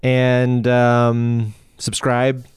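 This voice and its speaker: A man co-hosting a comedic podcast, talking in a deadpan, mock-serious way about his own script. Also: medium pitch, very slow, clean tone, no room sound, studio quality. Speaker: podcast co-host and script writer.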